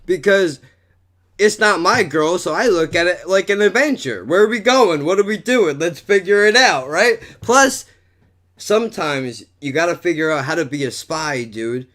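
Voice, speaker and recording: A man hosting a podcast, telling a story in a casual, animated, profane way and saying "dude" and "bro" a lot. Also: sits high, normal speed. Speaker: podcast host.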